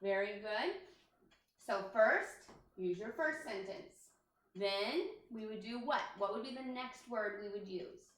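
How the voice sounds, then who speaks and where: A woman's voice: medium pitch, slow. A woman kindergarten teacher giving a recorded writing lesson to young children, speaking in a sing-song voice with exaggerated inflection. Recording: very echoey room, distant mic.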